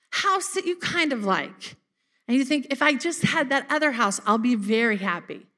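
A high, fairly bright female voice leads a casual sermon at a church service. She laughs, chats, and addresses the congregation directly, often asking whether they caught that.

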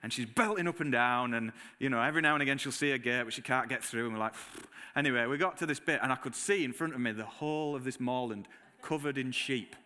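A man preaching a sermon, telling lively personal stories and acting out his own reactions, with a Northern English accent. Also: medium pitch, quick pace, long reverb tail. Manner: animated storytelling, acts out his own reactions. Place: church hall.

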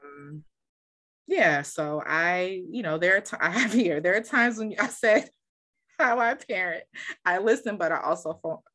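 A woman in her thirties with a notably low voice talks openly about raising her kids. She curses casually and mixes animated stories with quiet reflection. The talk is a relaxed, unscripted conversation. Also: measured pace. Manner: candid, profane, animated storytelling. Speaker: podcast co-host, preschool teacher. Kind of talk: casual chat.

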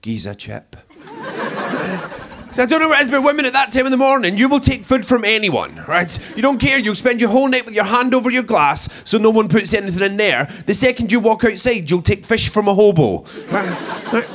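A man's voice: expressive, quick pace, hardly any pauses, fairly bright tone. A young Scottish man doing a cheeky stand-up routine on a comedy club stage. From Scotland. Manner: cheeky, punchy delivery with shrill put-on women's voices.

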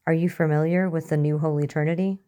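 Woman reads a calm male cult preacher, low and mellow, quietly menacing. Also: fast, close to an everyday voice. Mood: serene. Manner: soft-spoken, unsettlingly calm.

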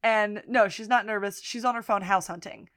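A woman's voice: medium pitch, normal speed, fairly bright tone, no room sound. A woman co-hosts a casual podcast, recapping scenes in a medium voice. She jumps into character voices while retelling, recorded close and dry with no room sound. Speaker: podcast co-host.

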